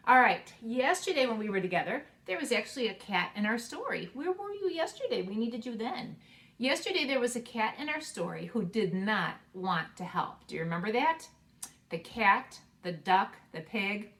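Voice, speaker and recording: A woman's voice: medium pitch, a bit bright. Woman teacher reading aloud to preschoolers. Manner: slow, sing-song read-aloud with playful voices for the animals. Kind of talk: storybook read-aloud for children.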